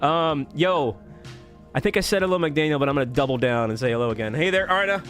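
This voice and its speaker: A man streaming live, cheerfully greeting viewers by name and thanking them with quick laughs. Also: a little high, faint music behind. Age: adult. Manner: upbeat, rapid shout-outs with laughs. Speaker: YouTube streamer.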